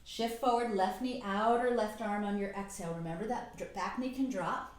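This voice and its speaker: A middle-aged woman guiding a yoga class with calm, encouraging cues, a little out of breath at times. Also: medium pitch, normal speed. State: slightly out of breath. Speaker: yoga instructor. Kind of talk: guided yoga class instruction. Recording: very echoey room.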